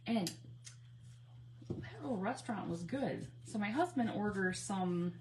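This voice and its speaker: A woman's voice: mid-range voice, animated, a little slow, noisy background. A woman hosting a live crafting stream, chatting in a rambling way, greeting viewers by name and laughing often. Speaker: crafting livestream host. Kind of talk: casual chat while crafting live.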